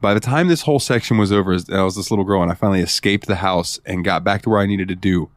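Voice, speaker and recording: Low-voiced man telling game stories. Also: fast, no room sound, studio quality. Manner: excitable storyteller, swears freely. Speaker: podcast co-host. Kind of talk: casual gaming chat.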